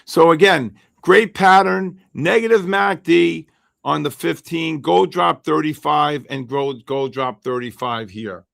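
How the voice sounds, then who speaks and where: A hoarse man hosting a live trading stream, chatting with viewers by name while he calls trades. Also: a little high, measured pace. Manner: animated, greets chat by name while calling trades. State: hoarse, losing his voice. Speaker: livestream host and futures trader.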